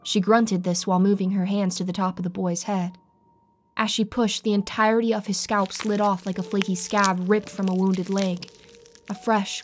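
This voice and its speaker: A woman narrating a horror story in the first person with an even, steady delivery. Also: medium pitch, a little hiss or hum. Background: faint music.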